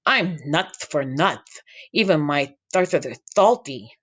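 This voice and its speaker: Man putting on a high lispy boy voice, goofy cheeky camper kid, storybook reading. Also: animated, slow pace, fairly bright tone, heavily acted. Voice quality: lisp.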